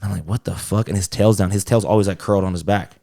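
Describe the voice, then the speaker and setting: A man's voice: low voice, steady tone, racing, mellow, no room sound, studio quality. A young man co-hosting a podcast, telling a rambling story in slangy, profane casual chat full of fillers. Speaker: podcast co-host.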